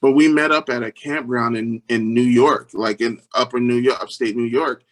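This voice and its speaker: A male guest in a storytelling interview tells his stories earnestly at a moderate pace. He often restarts his sentences, and when quoting other people he jumps into high, lively voices.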